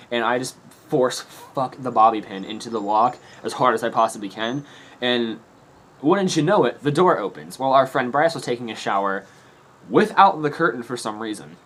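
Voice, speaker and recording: A young man telling a story to his camera in a rambling, casual way, laughing and swearing often. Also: medium pitch. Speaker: vlogger. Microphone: camera mic.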